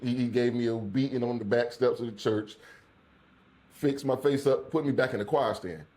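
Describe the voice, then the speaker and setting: A man co-hosting a podcast, talking casually, halting and repeating words and dropping low when serious. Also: mellow. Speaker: podcast co-host. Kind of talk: casual chat.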